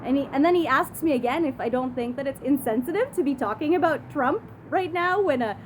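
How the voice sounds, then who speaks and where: A young woman with a high voice tells a story to her phone camera in a chatty, giggly vlog style, with lots of "like". She is recording outdoors, and loud traffic and street noise run under her voice. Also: expressive, brisk. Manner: chatty, giggly, heavy use of "like". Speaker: vlogger. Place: outdoors outside a brewery. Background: passing cars.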